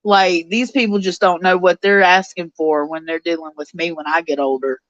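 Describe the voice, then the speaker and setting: A woman's voice: lowish voice, fairly even intonation, moderate pace, few pauses, dry recording. Emotional woman hosting a chat stream. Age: 40s. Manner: emotional, tearful, chatty with viewers. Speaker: show host reading live chat. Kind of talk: casual live-stream chat. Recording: dull, lo-fi sound.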